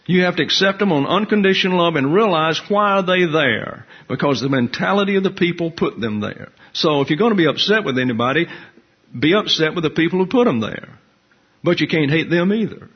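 A man with a husky, slightly breathy voice leads a Bible class, talking through his points and asking the room questions. The recording sounds dull and lo-fi. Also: a little high, expressive, fairly quick. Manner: conversational, asks the class questions. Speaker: Bible teacher.

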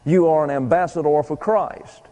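A man's voice: on the high side, fairly even intonation, moderate pace, dark tone. A man preaching a doctrinal sermon, teaching emphatically and repeating key points with folksy trail imagery. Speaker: pastor. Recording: long hall reverb.

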